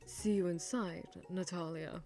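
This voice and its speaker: A woman voicing a polite, composed older male colonel in a calm, lowered, courteous manner. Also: measured pace. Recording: faint music behind.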